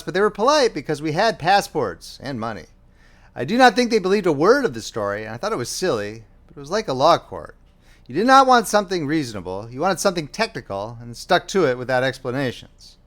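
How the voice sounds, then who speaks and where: A man narrating a novel audiobook with a steady storytelling delivery. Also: a little high.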